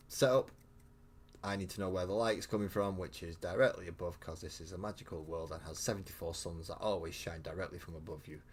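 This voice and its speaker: A man's voice: low voice, darkish tone, slightly rough. A man chatting casually and rambling with mild swearing as he live-streams painting miniatures.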